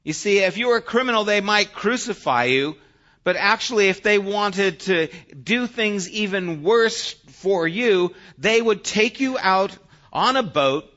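Bright-voiced male pastor preaching conversationally. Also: sits high, expressive, unhurried, highs cut off. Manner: conversational preaching, shifting from loud to hushed. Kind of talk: sermon.

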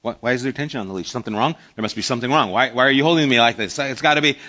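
Brief: man doing a jittery dog thinking aloud in rapid, worried questions, muffled sound. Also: medium pitch, pushed and bright, natural voice. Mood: anxious. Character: anxious nervous dog, inner voice.

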